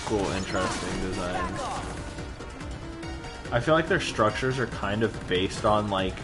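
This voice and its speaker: A man's voice: deep voice, a little slow. A young man chatting casually while streaming a video game, rambling with many fillers. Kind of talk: casual gameplay chat. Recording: loud game music behind.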